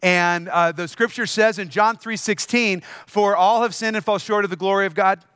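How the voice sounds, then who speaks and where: Guy preaching a sermon, pretty high bright voice, dry close sound, keeps repeating his points. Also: steady tone, moderate pace, smooth, dry recording. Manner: storytelling preacher, repeating key phrases with emphasis. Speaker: pastor.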